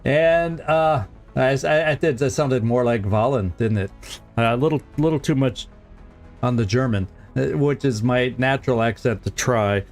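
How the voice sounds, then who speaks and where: A man's voice: medium pitch, normal speed, darkish tone, faint music behind. A man streaming a strategy game, talking casually to his viewers, often chuckling and repeating words as he thinks aloud. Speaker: gaming streamer. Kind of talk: casual let's-play commentary.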